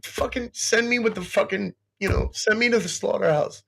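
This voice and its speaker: A man's voice: sits high, normal speed, creaky, fairly bright tone, breathy edge. A man on a livestream talking in an emotional, agitated way, cursing constantly and swinging between boasting and distress. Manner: boastful, then distressed and pleading. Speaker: guest on a livestream. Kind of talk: emotional casual chat.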